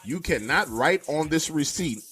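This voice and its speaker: A man voicing a rude, dismissive fast-food server woman. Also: fairly high pitch, lively intonation, fairly bright tone, faint music behind. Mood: scornful. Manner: scornful, curt.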